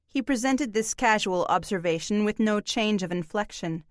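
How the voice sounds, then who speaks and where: A woman gives measured, even audiobook narration from a script. Her mid-range voice is captured in a dry, studio-quality recording.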